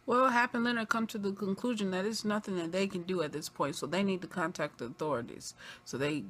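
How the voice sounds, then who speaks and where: A woman giving an animated recap of a TV episode, acting out the characters' lines in quoted voices as she goes. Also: medium pitch, a little fast. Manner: acts out scenes in quoted voices. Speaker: TV episode reviewer.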